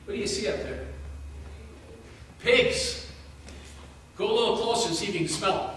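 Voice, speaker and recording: A man's voice: high voice, animated, moderate pace, a bit bright, a little hiss or hum. A man giving a children's message in church, telling a story in a playful way and asking the children questions. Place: church sanctuary. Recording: echoey church hall from a distance.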